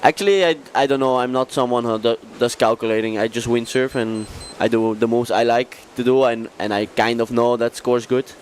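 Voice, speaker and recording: Relaxed male co-commentator. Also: medium pitch, brisk, hardly any pauses. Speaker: co-commentator, athlete. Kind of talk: live sports commentary. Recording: faint outdoor noise.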